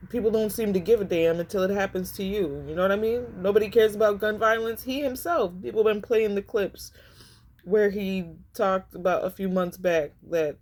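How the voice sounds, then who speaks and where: A woman's voice: mid-range voice, moderate pace, darkish tone. A woman giving a casual tarot reading, talking emphatically to her viewers and often repeating herself for effect. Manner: emphatic and repetitive, addressing viewers as y'all. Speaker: tarot reader.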